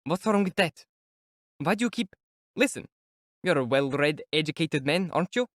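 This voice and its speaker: A man's voice: a little high, expressive, normal speed, a bit bright, dry recording, clean studio sound. A man voicing a feverish young student who teases and taunts a clerk in an audiobook reading. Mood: mocking. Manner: taunting, teasing, then whispering.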